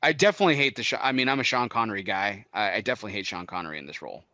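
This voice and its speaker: Man, podcast host, rambling casual talker, bright close dry sound. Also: on the low side, expressive, very fast, no room sound, lo-fi sound. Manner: chatty, rambling, laughs a lot. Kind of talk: casual chat. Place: indoors, cigar podcast set.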